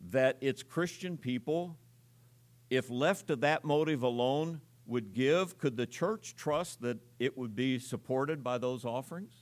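Man preaching a teaching sermon. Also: mid-range voice. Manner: teaching, explains Greek word order, repeats key words with emphasis.

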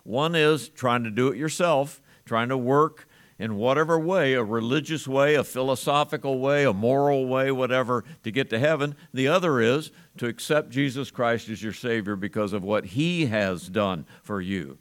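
A man's voice: medium pitch, normal speed. A man preaching a morning sermon, teaching through a Bible passage verse by verse and chuckling now and then. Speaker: pastor.

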